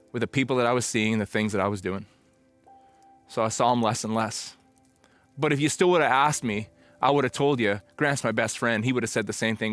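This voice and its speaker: A middle-aged pastor telling a personal story in a conversational, reflective sermon, now and then acting out old conversations. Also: male voice, on the low side, a bit bright, dry recording.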